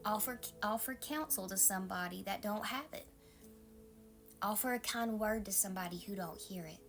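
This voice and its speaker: A woman pastor with a Southern accent, giving a calm, maternal devotional sermon and often dropping into a soft whisper. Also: medium pitch, normal speed, faint music behind.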